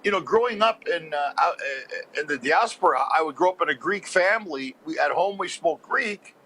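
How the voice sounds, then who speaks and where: A man from Montreal, a comedian guest, telling animated stories and laughing often as he goes. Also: fairly high pitch, moderate pace, low-quality recording. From Montreal, Canada. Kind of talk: storytelling interview chat.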